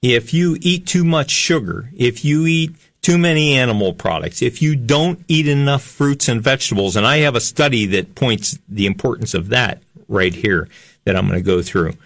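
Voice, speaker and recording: A man in his fifties hosting a health talk show, speaking earnestly and haltingly with frequent pauses. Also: mid-range voice, fairly bright tone, no room sound, clean studio sound. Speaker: health show host, chiropractor. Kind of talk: radio health talk monologue.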